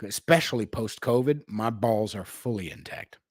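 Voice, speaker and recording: Brash young male livestream host, profane and slangy, bursts loud then drops low, very animated delivery. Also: normal speed, dry recording, clean studio sound. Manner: jumps between shouting and low asides. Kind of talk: unscripted livestream rant.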